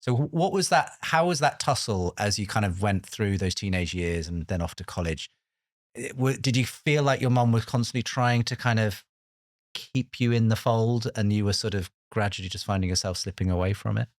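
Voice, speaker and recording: Deep-voiced, hesitant man. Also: expressive, moderate pace, no echo, clean studio sound. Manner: hesitant, rambling questions with many restarts. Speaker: podcast host. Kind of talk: interview conversation.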